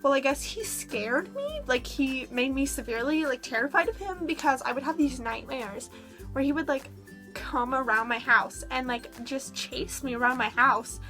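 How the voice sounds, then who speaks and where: Young woman vlogger, high voice, chatty and casual, filler-heavy storytelling. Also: animated, moderate pace, sharp tone, soft background music.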